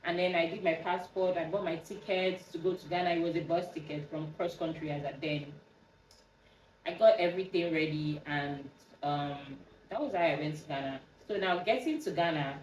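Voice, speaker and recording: A woman's voice: low voice, distant mic, a little hiss or hum. Nigerian woman telling a story, roomy. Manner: animated, acts out quoted dialogue with a raised voice. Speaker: podcast host. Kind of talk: casual storytelling.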